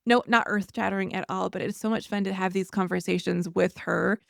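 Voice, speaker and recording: A woman's voice: mid-range voice, fairly even intonation, brisk, vocal fry, no room sound, clean studio sound. A woman hosting a faith-based interview podcast, chatty and enthusiastic as she welcomes her guest. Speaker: podcast host.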